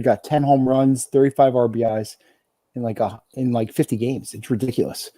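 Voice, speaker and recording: Mellow laid-back male co-host. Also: medium pitch, dry recording. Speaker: podcast co-host. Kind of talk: casual chat.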